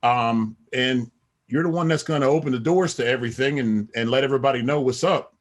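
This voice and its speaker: A man's voice: mid-range voice, a little fast. A middle-aged man, a podcast guest, talking in a rambling casual way with many "you know what I mean" asides. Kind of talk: casual interview talk.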